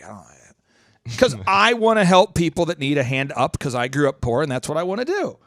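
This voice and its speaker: Man, high-pitched, motivational podcast host, quick energetic delivery, dry studio sound. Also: no echo. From Oklahoma. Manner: fast-talking, animated, slips into voice imitations.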